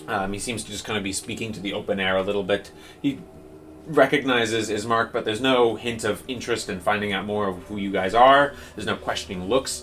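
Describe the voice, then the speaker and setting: Low-voiced man narrating as dungeon master. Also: a bit bright, a little hiss or hum. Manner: rambling, filler-heavy description. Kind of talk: narrating a tabletop game.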